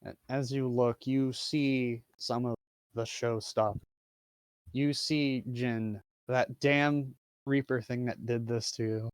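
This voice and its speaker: A man narrating as game master of a tabletop game, halting with many fillers. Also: medium pitch, no room sound.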